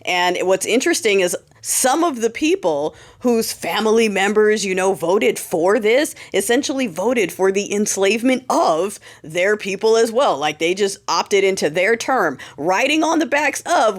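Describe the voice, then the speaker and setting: A woman's voice: mid-range voice, expressive, a little slow, few pauses. A woman hosting a podcast, giving a sassy, sarcastic political monologue and mocking the people she quotes. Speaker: podcast host. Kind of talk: casual political commentary monologue.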